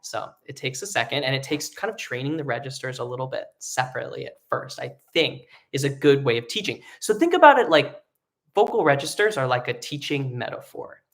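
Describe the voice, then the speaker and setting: A man's voice: mid-range voice, brisk, few pauses. A man leads a live online singing lesson, talking it through loosely with frequent ums and likes. His speaking voice sits in a middle range. He sounds easygoing and conversational as he explains. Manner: relaxed explaining with many fillers, breaking into sung vocal demos. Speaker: singing teacher.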